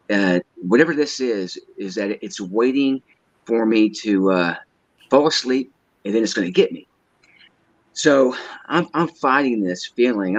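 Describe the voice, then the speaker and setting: A man telling a personal story as a guest, halting and hesitant, often repeating his words. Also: fairly low pitch, dry recording. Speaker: guest caller. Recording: dull lo-fi line.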